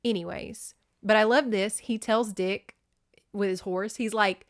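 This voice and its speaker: A woman's voice: mid-range voice, fairly even intonation, a little slow. A woman hosting a podcast, casually recapping a novel in a chatty, profane way with lots of "like" fillers. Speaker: podcast host.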